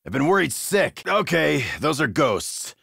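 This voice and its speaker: An actor playing a cocky, crude middle-aged American marine in a video game, with a gravelly voice and a brash, shouty, wisecracking manner. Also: male voice, on the high side, very animated, unhurried, no echo, clean studio sound, exaggerated voice. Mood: gruff.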